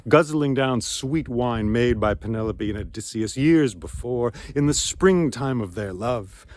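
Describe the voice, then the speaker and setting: A man's voice: medium pitch, a little mellow, no room sound. A man telling an ancient myth outdoors, with dramatic shifts in pace and volume. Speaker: storyteller. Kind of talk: oral storytelling of myth. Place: outdoors among ruins.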